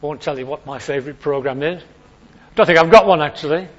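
A man preaching in a relaxed, conversational way. He leans on repeated phrases for emphasis and asks his listeners questions. His voice sits fairly high for a man, and the recording sounds dull and lo-fi. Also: fast. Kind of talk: informal sermon.

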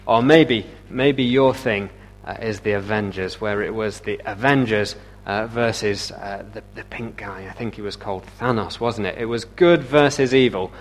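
A man's voice: lowish voice, moderate pace. A man preaching a sermon in a conversational way, asking rhetorical questions and using many "uh" fillers.

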